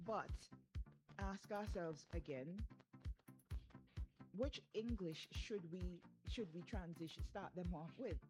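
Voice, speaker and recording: A woman's voice: on the low side, slow, long pauses, music in the background, low-quality recording. A woman, a parent speaking earnestly and emphatically in a casual discussion. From Saint Vincent. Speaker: parent discussing children's speech.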